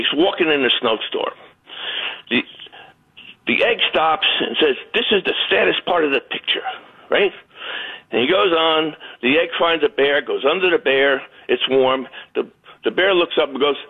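A man's voice: on the high side, breathy edge. A man, calling in to a radio show and telling stories, acting out the voices of the people in them. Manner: animated, acts out voices in his stories. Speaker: radio caller. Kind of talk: storytelling phone call. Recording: tinny phone line.

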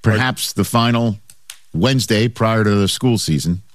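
A man's voice: fairly low pitch, normal speed, no room sound. A man hosting a sports radio show, chatting casually with playful, joking banter.

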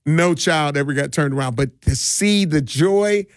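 This is casual interview storytelling from a middle-aged man in Milwaukee, a DJ known for organizing community parties. He's unhurried and easygoing, laughing and restarting a lot, in a voice on the high side. The audio is studio quality with no echo.

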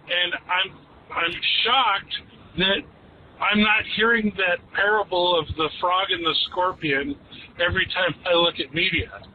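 Male caller, high voice, hesitant, phone-line sound. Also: fairly even intonation. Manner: hesitant, halting with restarts. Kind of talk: call-in radio talk. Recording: tinny phone line with road noise.

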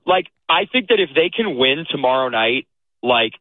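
A man's voice: mid-range voice, sing-song, normal speed, no room sound. A man calling in to a sports radio show, eager and hesitant with many fillers, heard over a phone line. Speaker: caller. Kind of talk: call-in chat.

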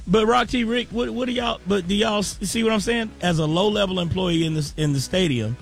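A man working as a morning radio announcer, reading ads smoothly and joining the on-air debate casually. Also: high-pitched, fairly quick, soft background music. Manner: smooth announcer delivery, then casual argument. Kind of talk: ad read and morning show banter.

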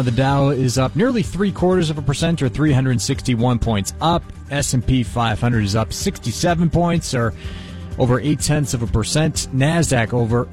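A man reading a scripted stock market update as a radio news anchor in a brisk, crisp newsreader style. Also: mid-range voice, darkish tone.

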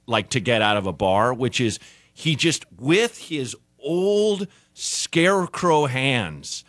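A man, a comedian guest on a radio show, telling an anecdote in an animated way, acting out the people in it. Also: mid-range voice, slow, no room sound, studio quality. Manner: animated, acts out voices in anecdotes. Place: radio studio.

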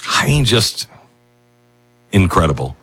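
A male talk host with a slightly low, husky voice, speaking off the cuff. His pitch rises and falls a lot as he gets emotional, and he often stops and restarts his sentences. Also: very animated, takes it slowly, sharp tone. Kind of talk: casual radio talk.

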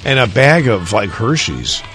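A man's voice: lowish voice, sing-song, measured pace, bright, forceful tone, faint music behind. A male radio host in casual on-air banter, easygoing and rambling. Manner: easygoing, rambling, self-amused.

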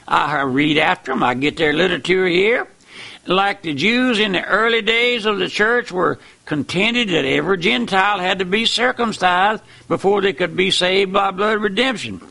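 Male preacher, high and bright with gravel underneath, fervent and emphatic. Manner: fervent, emphatic with wide swings in loudness. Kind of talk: sermon.

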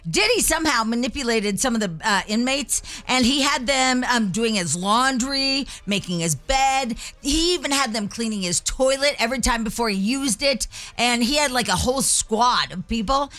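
Bright-voiced gossipy woman host. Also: a little high, normal speed, hardly any pauses. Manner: gossipy, chatty, many fillers. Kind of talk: casual chat show.

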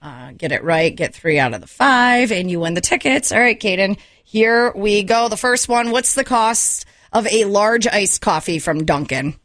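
A woman hosting a radio show in a casual, animated, upbeat way. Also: mid-range voice, moderate pace, no room sound, studio quality.

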